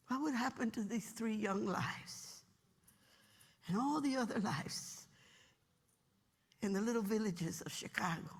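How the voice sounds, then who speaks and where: A middle-aged woman gives a humorous keynote story in a big luncheon hall. Her voice is fairly high, gravelly and husky, with a long echo trailing off the room. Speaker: keynote speaker, retired military officer. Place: large hall, luncheon event. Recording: long reverb of a large hall.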